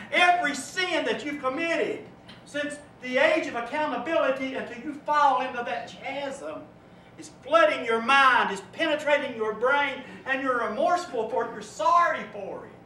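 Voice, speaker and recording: A man preacher giving a sermon, telling a vivid story that swells and drops to a hush. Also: extremely high pitch. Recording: echoey room, from far off, faint noise.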